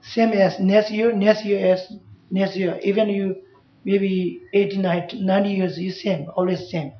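A Dharma teacher talks to a class in simple, halting English and keeps asking "yeah?" to check that listeners follow. The voice is mid-pitched. It sounds dull and muffled in a roomy, echoing space. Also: steady tone. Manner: simple broken English, frequent checks with "you know" and "yeah?". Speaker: Buddhist teacher. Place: class room. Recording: echoey, dull room recording.

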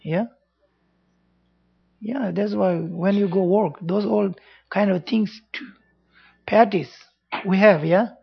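A man's voice: high voice, slow, creaky, pauses often, breathy edge, highs cut off. A man who is not a native English speaker, giving an informal Buddhist talk, earnest and repetitive, often checking in with "yeah?". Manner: earnest, repeats phrases, frequent "yeah?" checks. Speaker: Buddhist teacher.

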